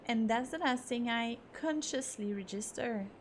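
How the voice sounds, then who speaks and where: A woman streamer narrating a visual novel in first person, expressive with occasional asides. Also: fairly high pitch, a little slow, a little hiss or hum. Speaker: let's play streamer.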